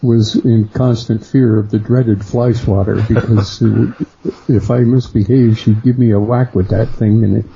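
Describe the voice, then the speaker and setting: A middle-aged man, a guest on a radio interview, slowly recounting a personal experience and lifting his voice for the people he quotes. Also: fairly even intonation, creaky, warm tone, slight background noise. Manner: unhurried storyteller who acts out quoted voices higher. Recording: dull lo-fi sound.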